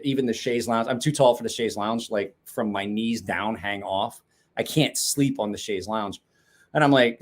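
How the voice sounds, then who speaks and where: A man in his forties hosting a casual knife-sharpening chat show from his garage, rambling, swearing and laughing often. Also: mid-range voice. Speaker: knife sharpening podcast host. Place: home garage.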